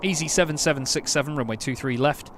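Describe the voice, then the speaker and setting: A man from England streaming an air traffic control game, chatting casually between crisp, clipped radio instructions. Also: on the high side, fast. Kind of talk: casual live-stream chat mixed with radio calls.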